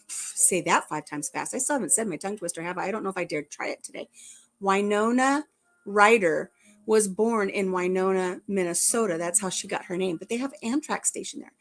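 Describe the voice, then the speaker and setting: A woman's voice: medium pitch, a bit bright. A middle-aged woman chatting casually on her live stream. She rambles and jokes, laughing as she goes. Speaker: livestream host. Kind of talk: casual chat.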